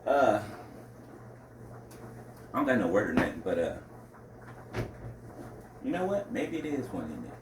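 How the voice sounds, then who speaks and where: A man talking casually to the camera about faith, rambling, asking "right?" often and now and then breaking into loud outcries. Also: fairly low pitch, big pitch swings, measured pace, long pauses. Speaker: religious vlogger. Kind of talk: casual religious talk to camera. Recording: roomy, distant mic, faint background noise.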